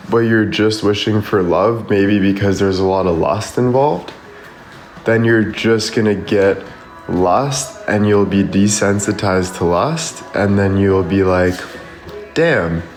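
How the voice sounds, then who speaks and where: A man's voice: fairly low pitch, darkish tone. A man on a livestream, giving casual motivational talk in a rambling way, full of "like" and "you know". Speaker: social media creator on a livestream. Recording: echoey room with faint music behind.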